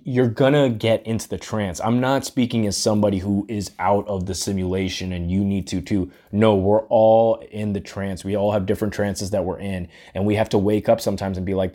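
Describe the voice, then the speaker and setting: A man's voice: on the low side, dark tone. A man hosting a podcast, giving an earnest, reflective solo talk and often checking in with "right?". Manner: earnest, musing, often tags lines with "right?". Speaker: podcast host.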